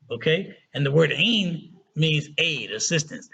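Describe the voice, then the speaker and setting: A man teaching a casual Arabic lesson who often checks in with "right?" and "okay?" and slows down to spell out words. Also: a little high, vocal fry, sharp tone, breathy edge, lo-fi sound.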